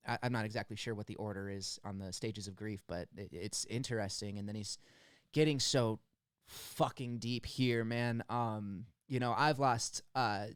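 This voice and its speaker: A young man from the United States hosting a music reaction, talking in an earnest, halting way and near tears as he breaks down a song. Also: lowish voice, clean tone, no room sound, clean studio sound. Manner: earnest, halting, stumbles over words. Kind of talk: emotional song analysis.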